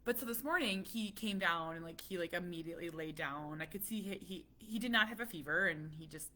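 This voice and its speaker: Bright-voiced chatty mom vlogger. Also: female voice, on the low side, a little fast. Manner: chatty, animated, laughs often. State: slightly stuffy from a cold. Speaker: parent vlogger. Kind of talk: casual chat.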